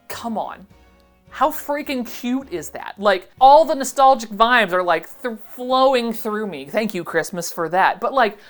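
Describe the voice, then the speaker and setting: A woman in her thirties from Ohio talks through a casual vlog, giggly and self-deprecating. Her pitch swoops up and down all the time. Faint music plays underneath. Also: lively intonation, moderate pace, a bit bright. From Ohio, USA. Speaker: vintage pattern seller and vlogger.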